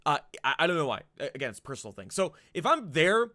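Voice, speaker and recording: A man talks fast in a bright, mid-pitched voice, stumbling over restarts and swearing casually. His sound is dry, with no room around it. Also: big pitch swings, no echo. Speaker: podcast co-host. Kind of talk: casual profane chat.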